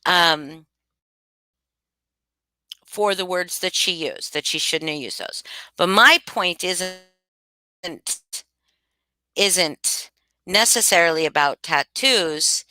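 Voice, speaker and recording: A woman's voice: on the low side, slow pace, pauses often, bright, forceful tone, clean tone, no room sound. A woman talking casually to her live chat, emphatic and repeating her points with many restarts. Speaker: livestream commentator. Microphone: home streaming mic.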